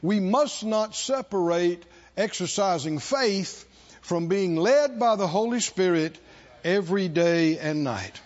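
A man's voice: sits high, animated, slow pace, a little mellow, muffled recording. A man preaching a sermon to a church congregation, leading call-and-response and stretching out repeated phrases for emphasis. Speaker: pastor.

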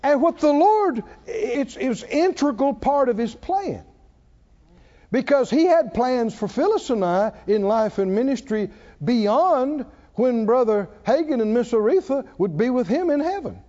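On a dull, lo-fi church recording, an older pastor delivers a sermon in a high, sing-song voice that swoops up and down. He sounds mellow and warm and takes his time, telling stories, laughing often and calling for the congregation to respond.

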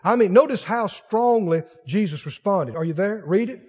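A man's voice: high-pitched, animated, moderate pace, darkish tone, breathy edge. A man preaching a sermon in a folksy, colloquial way, firing rhetorical questions at his congregation. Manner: colloquial, uses "ain't". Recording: dull lo-fi sermon recording with long hall reverb.

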